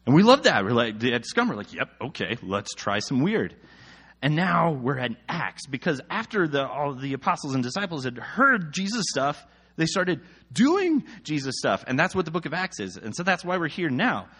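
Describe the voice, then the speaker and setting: A young male preacher retells a scripture story in loose, slangy speech. His husky voice jumps up and down all the time, and he slips into the voices of the people in the story. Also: fairly high pitch, moderate pace. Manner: animated, slangy, acts out quoted voices. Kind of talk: casual retelling of a Bible story.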